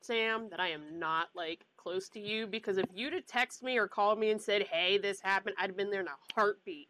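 A woman's voice: medium pitch, brisk, bright, forceful tone, slight background noise, poor audio. A woman from the US South and Pittsburgh, chatting emphatically and teasing her friends. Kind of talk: casual chat.

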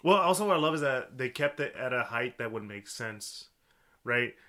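A man co-hosting a podcast, discussing a film in casual chat, halting and restarting as he searches for words. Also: medium pitch, expressive, pushed and bright. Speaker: podcast co-host.

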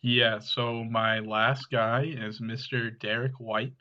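A man's voice: mid-range voice, slow, dull audio. A man co-hosting a casual fantasy basketball podcast, talking through player stats steadily with frequent ums. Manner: steady, analytical, with many ums. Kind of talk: casual sports chat.

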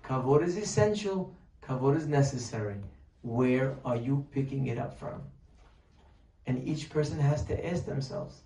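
Male preacher, mellow voice from a distance in a roomy hall, lively rhetorical delivery. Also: medium pitch, a little slow. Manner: animated, rhetorical questions, acts out pleading voices. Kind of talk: sermon. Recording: distant mic, echoey room, faint noise.

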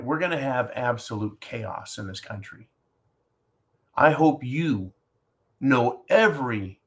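A man hosting a talk show, reading a listener's question and then ranting at length in a sarcastic, animated way, often calling his listeners "folks". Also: mid-range voice. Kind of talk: casual opinion talk show.

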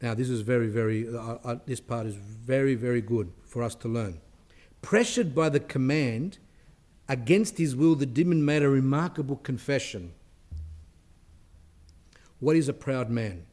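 A man's voice: medium pitch, normal speed, a little mellow. A man, a priest, reading aloud from a religious text and explaining it in a spiritual talk, stressing key points with rising emphasis.

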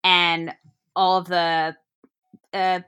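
A woman's voice: lowish voice, flat delivery, extremely slow, a bit bright, smooth. A young adult woman chatting casually about a movie, rambling and searching for words mid-sentence. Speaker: podcast co-host. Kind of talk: casual movie review chat.

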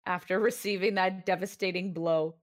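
A woman co-hosting a casual book-club podcast, talking through a story with dry sarcasm. She breaks into laughter often and slips into quick mock voices for the characters. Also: on the low side, steady tone. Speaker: podcast co-host.

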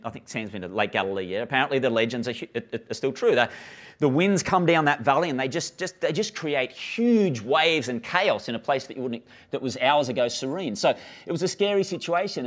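A man preaching a sermon in a church, telling stories with acted-out dialogue and inviting the congregation to join in. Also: medium pitch. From Australia. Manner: animated storytelling, acts out dialogue, laughs easily. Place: church hall with live congregation and online stream.

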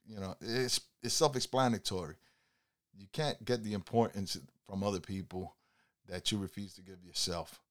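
A man's voice: on the low side, normal speed. A man telling stories from his driving and handing out life advice in a casual, preachy way. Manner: preachy, laid-back, many "you know"s. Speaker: driver telling passenger stories.

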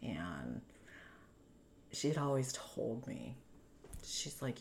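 Very low, gravelly-voiced woman. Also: big pitch swings, extremely slow, pauses often, a little hiss or hum. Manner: candid, retelling past conversations. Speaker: interview guest. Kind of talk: personal story in a sit-down interview.

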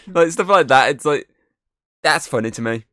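A man's voice: on the high side, a bit bright, dry recording, clean studio sound. A man hosting a casual podcast chat, rambling on, swearing often and laughing easily. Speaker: podcast host. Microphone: headset.

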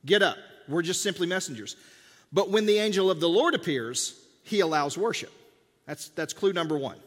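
A man's voice: sits high, a bit bright, long reverb tail. A man preaching a sermon in a church, talking conversationally and acting out the dialogue of biblical scenes. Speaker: pastor. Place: church sanctuary.

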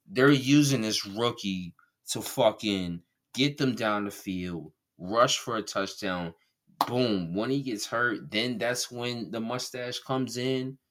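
Podcast co-host, man, low bright voice, fired-up profane rant. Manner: heated, profane ranting. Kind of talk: casual sports chat.

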